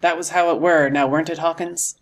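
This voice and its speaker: A man's voice: on the high side, fairly even intonation, fairly quick, lightly acted. A man reading aloud and voicing a jovial one-legged old sea cook who talks in salty sailor slang, in an audiobook. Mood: hearty.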